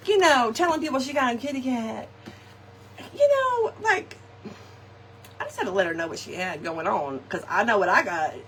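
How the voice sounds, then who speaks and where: A middle-aged woman, hosting a live crafting chat, animated and laughing often as she tells stories to her viewers. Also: a little high, slight background noise. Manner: animated, laughing often, folksy slang, talks to viewers directly. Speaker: craft shop host.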